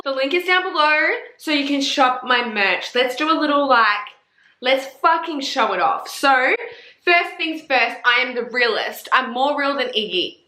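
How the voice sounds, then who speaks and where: A young woman with an Australian accent talks straight to camera in a bright, fairly high voice. She chats in a blunt, playful way and swears freely. The sound carries a clear echo of the room around her. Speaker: book vlogger. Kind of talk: casual chat. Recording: echoey room.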